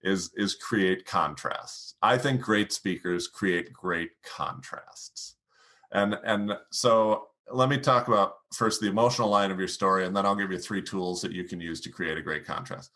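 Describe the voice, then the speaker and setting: A middle-aged man with a bright, forceful voice sitting low in pitch, teaching as a podcast guest. He speeds up, slows down, and pushes his pitch and volume up and down to show what he means. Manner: animated, swings pitch and volume to demonstrate. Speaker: guest speaking coach. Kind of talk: podcast interview, teaching public speaking.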